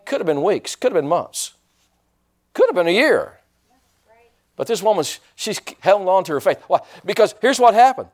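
A male pastor delivers a sermon to his church. His pitch sits a little high and swings widely as he preaches with energy, often asking the room questions to draw responses. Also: moderate pace, pauses often. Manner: animated preaching with call-and-response questions to the congregation. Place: church sanctuary.

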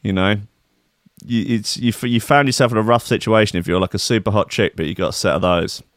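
A man's voice: on the low side, fast talker, no echo, clean studio sound. A man hosting a comedic news commentary, reading stories aloud with sarcastic, crude, rambling asides. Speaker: host.

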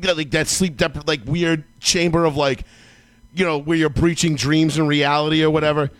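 A man co-hosting a casual sports talk show, telling a long story in a loose, profane way and breaking into yelling when he acts out his own outbursts. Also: on the high side, level tone, moderate pace, no room sound. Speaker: podcast co-host.

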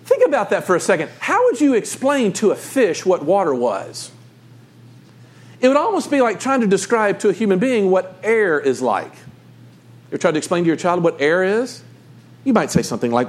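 A man's voice: high-pitched, very animated, normal speed. A man preaching a sermon as pastor, talking to the congregation in a conversational, storytelling way.

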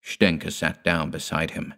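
A man narrating an audiobook in a measured, grave storytelling manner. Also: very deep voice, little pitch movement, bright, forceful tone.

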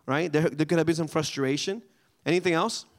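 A man leading a group Bible study in a casual, animated way, often asking the group questions. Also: on the high side, a little fast.

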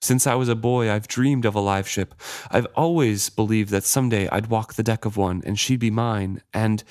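A man reading the lines of a manipulative, injured male ship captain aloud from a book, in a low, dry voice. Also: steady tone, normal speed, dry recording, close to an everyday voice. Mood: pleading. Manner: read aloud quietly from a book.

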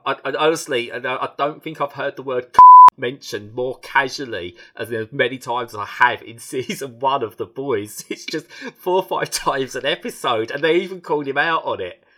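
A man from England reviewing a TV show in casual, animated chat, rambling with frequent restarts. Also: mid-range voice, moderate pace.

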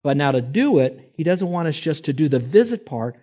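A man's voice: on the high side, sing-song, brisk, dark tone. A man preaching a sermon, folksy and emphatic, posing rhetorical questions to his listeners. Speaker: pastor.

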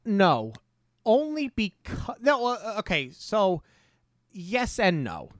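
A chatty, opinionated co-host rambles through a film review. The voice swoops around with very lively pitch. It is recorded close and dry, with no room sound. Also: takes it slowly, dry recording. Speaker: podcast co-host. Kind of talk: casual film-review chat.

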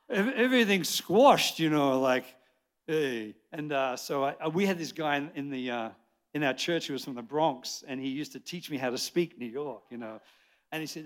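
An Australian man in his sixties preaching a lively sermon to a church congregation, chatty and jokey, rambling with restarts. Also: a little high, normal speed. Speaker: pastor. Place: church service before a congregation.

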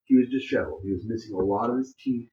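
A man's voice: lowish voice, fast, mellow. A man telling a story in a casual, rambling way, full of fillers and swearing. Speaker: podcast co-host. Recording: muffled, echoey room with faint hum.

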